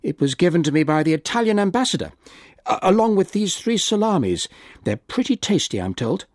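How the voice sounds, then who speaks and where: A man voicing an earnest, kindly male head of state in a story reading, a touch higher than his narration. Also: sing-song, a little fast, a little mellow, dry recording, studio quality.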